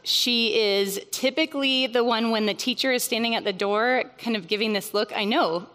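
A woman's voice: a little high, normal speed, a bit bright. A woman in her thirties giving a casual teaching talk to a mothers' group, chatty and conversational, with many fillers and bursts of emphasis. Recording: long hall reverb.

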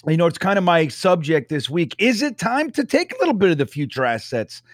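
A man co-hosting a casual sports podcast, rambling and excitable with lots of fillers. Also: sits high, a little fast, dry recording, studio quality. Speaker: podcast co-host.

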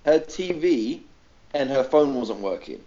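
A man's voice: medium pitch, measured pace, dull audio. A man co-hosting a podcast, telling a funny story in casual chat, acting out voices and laughing often. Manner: animated, acts out quoted voices, laughs often. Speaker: podcast co-host.

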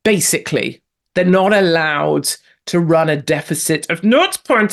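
A woman's voice: sits low, moderate pace. Brash, sarcastic middle-aged Englishwoman. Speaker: host. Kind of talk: opinionated solo commentary.

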